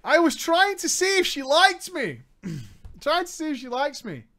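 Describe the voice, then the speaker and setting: A man's voice: extremely high pitch, big pitch swings, unhurried, bright, forceful tone. A man hosting a comedy podcast, reading a story aloud with exaggerated, laughing banter.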